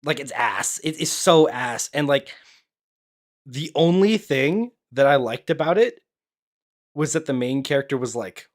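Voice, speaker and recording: A young man in casual reaction commentary, talking bluntly and freely swearing. He rambles and restarts, filling gaps with lots of fillers. His voice sits at a middling pitch. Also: lively intonation, a little slow. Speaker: anime YouTuber.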